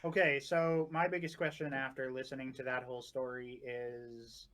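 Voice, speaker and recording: A man co-hosting a comedy history podcast, riffing with quick, incredulous questions. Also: medium pitch, flat delivery, a bit bright, slight background noise. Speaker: podcast co-host. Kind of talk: casual comedic chat.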